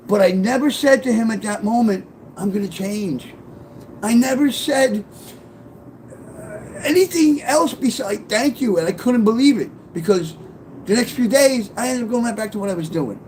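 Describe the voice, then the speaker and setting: A man's voice: high-pitched, normal speed, darkish tone, slight background noise. A middle-aged man telling a personal testimony, rambling, swearing and breaking into tearful outbursts. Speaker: author telling his life story.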